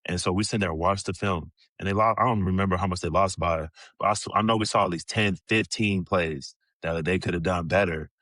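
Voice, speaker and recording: Brief: low-pitched man in his 30s, loose swearing storyteller, dry close sound. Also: fairly quick, few pauses, no room sound. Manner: profane, animated storyteller, many "bro" and "like" fillers. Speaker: podcast guest, former pro basketball player. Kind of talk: casual storytelling.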